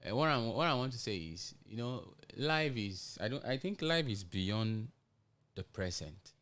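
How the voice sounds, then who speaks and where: Earnest Nigerian man with a lower voice. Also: animated, fairly bright tone. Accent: Nigerian English. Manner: earnest, halting, with many restarts and pidgin asides. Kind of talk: casual chat on a gospel radio show.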